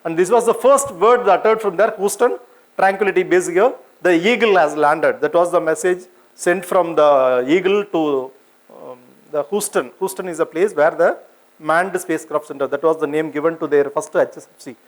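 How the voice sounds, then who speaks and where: Indian man, senior scientist type, lecturing a public audience; high voice, hesitant, lots of "uh", chatty with the crowd. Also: normal speed, low-quality recording. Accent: Indian English. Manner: hesitant, many fillers and restarts; asks the audience questions, conversational. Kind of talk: informal lecture with slides.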